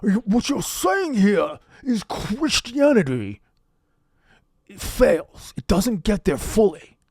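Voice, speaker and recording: A man doing an impression of an elderly male politician, speaking slowly and haltingly as he rambles. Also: sits high, sing-song, darkish tone, slightly rough, no echo, studio quality, voice pushed up, heavily acted. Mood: rambling.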